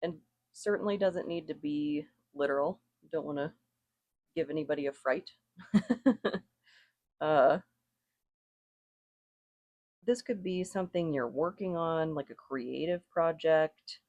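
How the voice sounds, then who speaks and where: Casual rune reader, middle-pitched voice, loose and rambling, dry close sound. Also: takes it slowly, pauses often, a little mellow, dry recording. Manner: meandering, thinks aloud, self-correcting, chuckles often. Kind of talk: casual spoken reading to viewers.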